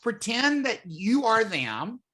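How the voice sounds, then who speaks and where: A man teaches a live real estate class, in a classroom or online, speaking conversationally and frequently putting questions to his students. His voice sits high and has a sing-song, sharp quality, delivered slowly.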